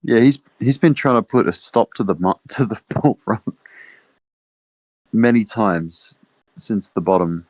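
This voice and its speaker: A man with a fairly low voice talks hesitantly in a podcast chat, filling his speech with little fillers. The sound is dry and close. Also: expressive, a little slow, long pauses, darkish tone, no echo. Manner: hesitant, filler-heavy, mocking quotes. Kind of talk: casual chat.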